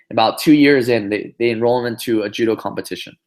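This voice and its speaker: A man giving a motivational business talk on a group call, telling a story in an animated way with lots of "you know" and "right?". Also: lowish voice, fast talker, few pauses. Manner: animated storyteller, many fillers and tag questions. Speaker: business trainer.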